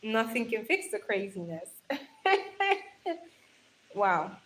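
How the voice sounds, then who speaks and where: This young livestream host speaks slowly and expressively in a mid-range, slightly bright voice, chatting affectionately with viewers as she reads their comments. She laughs a lot, calls them darling, and talks into a handheld phone, with poor audio marked by a little hiss or hum.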